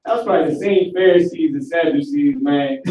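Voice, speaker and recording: Lecturing a live online class at normal speed, a man uses casual slang in a fairly high voice with a dark tone. The sound is echoey, as though he's distant from the microphone.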